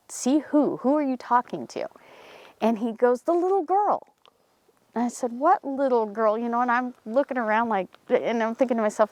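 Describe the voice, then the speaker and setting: A woman outdoors in a cemetery, telling a story casually and acting out the voices of the people in it. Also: no room sound. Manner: animated, acts out quoted voices in a higher pitch. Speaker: paranormal team member telling a local story.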